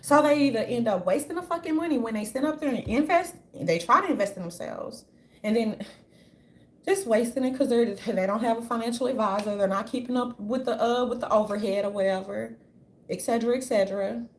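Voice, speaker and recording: Speaking briskly in a fairly high voice with a darkish tone, a woman vlogger delivers a casual opinion rant. She's blunt and profane, wandering and restarting her sentences often, in a room that echoes with faint background ambience.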